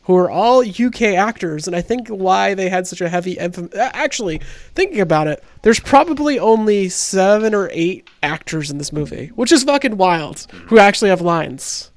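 A man with a fairly high voice talks over a movie he just watched, wandering off on cast trivia and swearing freely. The sound is dry and close-miked, with no room at all. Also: animated, normal speed, no echo. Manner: rambling, profane, trivia-heavy. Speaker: podcast co-host. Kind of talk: casual movie-review chat.

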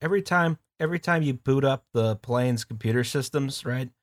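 A man's voice: mid-range voice, fairly quick, dry recording. A man co-hosting a casual podcast, explaining things plainly with dry jokes. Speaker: podcast co-host. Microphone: remote call mic.

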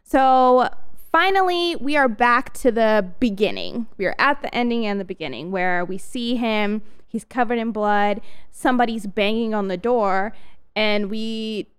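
A woman's voice: a little high, unhurried, clear, resonant tone. A woman co-hosting a podcast, animatedly retelling a movie plot with laughs. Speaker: podcast co-host. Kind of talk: casual movie recap chat.

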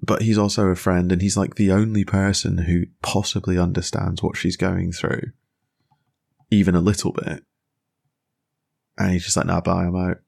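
A man's voice: low-pitched, level tone, moderate pace, creaky, pauses often, darkish tone, breathy edge. A young man co-hosting a podcast, chatting casually and rambling enthusiastically with plenty of fillers and restarts. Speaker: podcast co-host. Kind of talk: casual chat.

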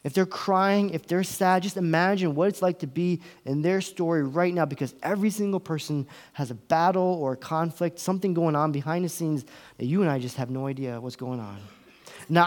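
Man preaching a sermon with dramatic pauses. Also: fairly high pitch. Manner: dramatic pauses, slows down for emphasis; acts out inner voices, from whisper to raised voice. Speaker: pastor.

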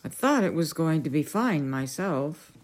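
Flustered elderly king, read aloud by a woman; fussy, blustering, louder and higher than her narration. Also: very animated, measured pace, exaggerated voice. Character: flustered nervous old king.

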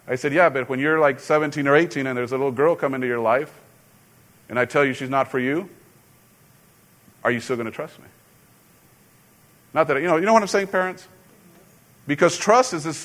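Man preaching a conversational sermon. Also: on the high side. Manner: storytelling, conversational with sudden loud emphasis. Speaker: pastor.

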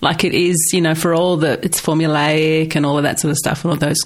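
Husky Australian woman telling stories. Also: sits low, fairly quick. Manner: animated storytelling, laughs often. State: husky from a cold. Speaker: interview guest. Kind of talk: casual conversation.

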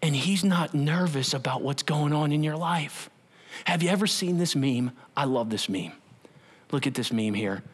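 A man's voice: on the high side, moderate pace, husky. A middle-aged male pastor preaching a conversational sermon and acting out quotes. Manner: animated, conversational, acts out quotes.

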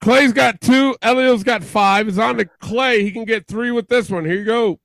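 A man hosting a podcast quiz game, cursing often and ribbing the players in loud, exasperated casual banter. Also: extremely high pitch, moderate pace, vocal fry, no echo.

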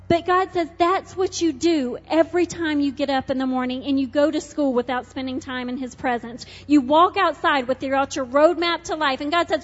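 A woman preaching a sermon with passion, moving between loud urgent pleading and quiet intimate moments. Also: high voice, fairly even intonation, moderate pace, hardly any pauses. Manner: impassioned, swings from loud urgency to hushed intimacy. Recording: dull reverberant hall with soft music.

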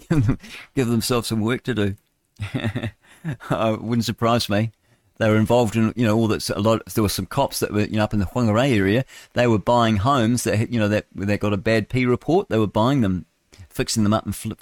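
A man's voice: mid-range voice, no echo, studio quality. A male radio host with a New Zealand accent, reading the news casually with stumbles and chatty asides.

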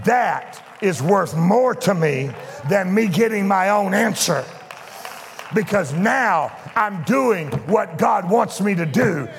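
A high-voiced man preaches with fervor, dropping to soft asides and then rising to shouted declarations. His voice rings through a church with a long reverb and a faint hum of ambience behind it. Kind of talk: pentecostal sermon. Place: church sanctuary.

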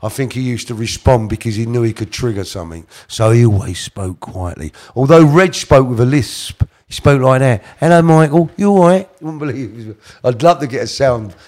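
Talking fairly quickly with hardly any pauses, a middle-aged man has a medium-pitched, darkish voice. As an interview guest, he tells a meandering casual story, correcting himself and slipping into quoted speech.

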